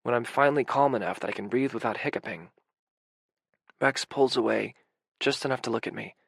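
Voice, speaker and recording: A male audiobook narrator with an average pitch, reading first-person prose in an intimate, emotional way. The recording is dry and close, with no room sound. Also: fairly quick, creaky, husky, no room sound. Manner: intimate and emotional, with anxious, racing passages.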